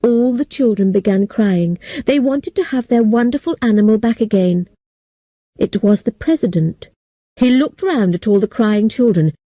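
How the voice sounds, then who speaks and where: Dark-voiced woman reading an audiobook. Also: medium pitch, moderate pace, dry recording. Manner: clear and steady, for language learners. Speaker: audiobook narrator. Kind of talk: scripted narration.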